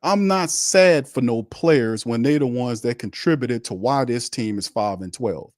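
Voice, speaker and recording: A man's voice: mid-range voice, a little slow, dry recording, studio quality. Man ranting on a sports talk show. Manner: blunt and repetitive, hammering points home. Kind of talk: heated sports talk rant.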